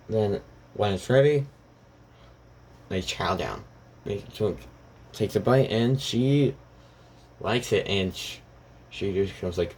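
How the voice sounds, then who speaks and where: A man's voice: fairly low pitch, slow, long pauses, a little mellow, slight background noise. A man casually retelling a fan story in a rambling way, often saying "goes like" between lines.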